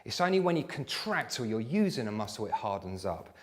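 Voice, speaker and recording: A man, a sports therapist, leads a live exercise class in a relaxed, chatty way, showing each step on his own leg. His voice sits in a middle pitch for a man, neither deep nor high. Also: fairly quick. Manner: chatty, demonstrating on himself.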